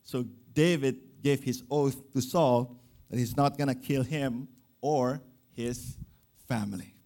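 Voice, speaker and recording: A man preaching a sermon, retelling a Bible story with lively acted-out quotes and frequent repeated words. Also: mid-range voice, slow pace, vocal fry. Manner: animated, acts out voices in quotes, repeats words.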